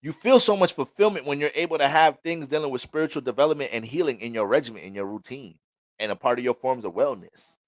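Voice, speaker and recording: Profane, animated male astrologer. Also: medium pitch, quick pace, no echo. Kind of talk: casual astrology reading.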